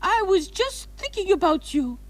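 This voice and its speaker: A woman's voice: extremely high pitch, sing-song, normal speed. A woman playing Josephine, a dramatic, lovesick romantic figure in a comedy sketch. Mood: swooning.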